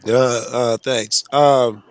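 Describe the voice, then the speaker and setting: Hesitant mid-pitched man playing referee. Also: fairly even intonation, crowd noise. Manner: hesitant, halting, many fillers, placating. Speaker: open podcast moderator. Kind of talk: casual live podcast chat.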